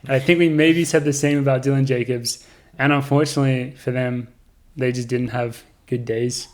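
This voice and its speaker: A young man hosting a casual podcast chat, relaxed and rambling. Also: mid-range voice, normal speed. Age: young adult. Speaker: podcast host.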